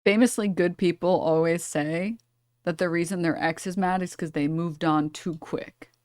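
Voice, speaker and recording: A woman streamer reacting to a clip, chatty and wry with firm opinions. Her voice sits a bit low for a woman, and the sound is dry and close. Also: steady tone, normal speed, a little mellow, dry recording. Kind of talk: casual reaction commentary.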